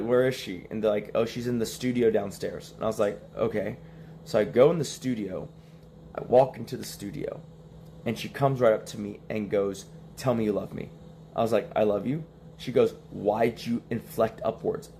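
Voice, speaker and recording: A man's voice: fairly low pitch, fairly even intonation, moderate pace, gravelly, dark tone, slight background noise. A young man telling a story in casual stream talk, acting out the quoted lines and laughing between them.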